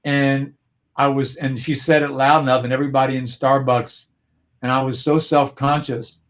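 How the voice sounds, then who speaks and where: An earnest man appears as a guest in a video-call interview, telling a personal story in a reflective way with frequent restarts. His mid-range voice stays level at normal speed, with video-call audio.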